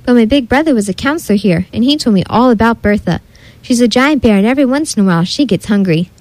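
A teasing older boy from a storybook, telling a spooky tale in a hushed, lowered voice, as a woman reader plays him. Dry, close sound. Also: animated, fast, no echo, lightly acted, rough recording.

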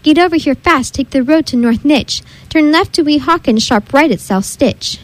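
A woman's voice: high voice, lively intonation, normal speed, low-quality recording. A woman voicing a greedy, defiant male factory owner with a brash, insistent way of talking, in a storybook read-aloud.

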